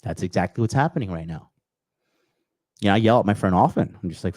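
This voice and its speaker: A man's voice: low voice, lively intonation, fast talker, darkish tone, no echo, studio quality. A man hosting a podcast who rants bluntly and crudely, swearing often and hammering points with repeated phrases and a constant "okay?". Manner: emphatic bursts, repeating key phrases. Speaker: podcast host. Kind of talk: profane motivational rant with chat replies.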